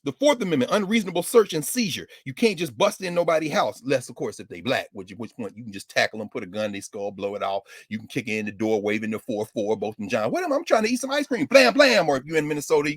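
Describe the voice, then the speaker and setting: Lively, husky-voiced man lecturing. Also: fairly high pitch, no room sound, clean studio sound. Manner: animated, sardonic, slips into mock voices. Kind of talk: civics lecture with comic asides.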